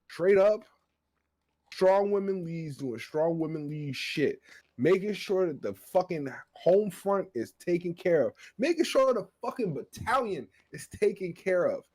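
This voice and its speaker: Hyped young dude hosting a podcast, high lively voice, laughs loud. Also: male voice, a little slow. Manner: excitable, animated, laughs loudly. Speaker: podcast host. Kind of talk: casual chat.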